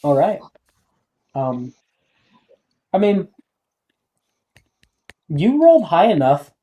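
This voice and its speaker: Mid-pitched game master, casual and filler-heavy. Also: very animated, extremely slow, highs cut off. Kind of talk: running a tabletop game.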